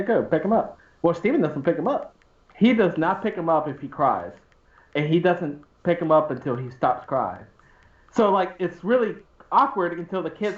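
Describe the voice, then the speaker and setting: A man telling a long, rambling story in casual chat, often laughing and restarting his sentences. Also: on the high side. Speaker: stream co-host. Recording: roomy, dull lo-fi stream audio.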